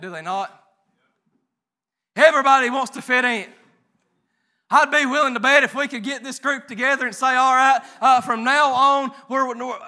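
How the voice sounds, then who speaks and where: A man preaching a sermon with passion, dropping to hushed tones and rising to shouts, his voice straining. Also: very high voice. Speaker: pastor.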